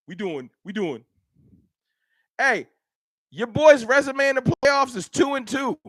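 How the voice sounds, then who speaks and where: Man, high lively voice, trash-talking stream host, dry close mic. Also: dry recording. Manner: trash-talking, animated, reads chat aloud. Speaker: livestream host. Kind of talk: casual livestream sports banter.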